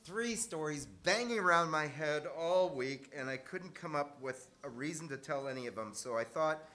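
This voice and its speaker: An older man recounts a childhood story to a live audience. His voice is bright and a little high, and he keeps a loose, conversational flow, with dry humor and frequent self-corrections. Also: lively intonation, moderate pace.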